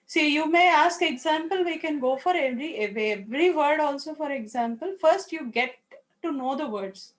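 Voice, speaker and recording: High-voiced woman teacher reading word lists. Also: lively intonation, moderate pace, poor audio. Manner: reads lists of words one by one, explains with simple examples. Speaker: English teacher.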